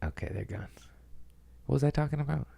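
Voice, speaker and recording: Brisk and warm with some vocal fry, this medium-pitched man hosts a casual comedy podcast from home as gardeners work outside. He rambles along, swearing and poking fun at himself.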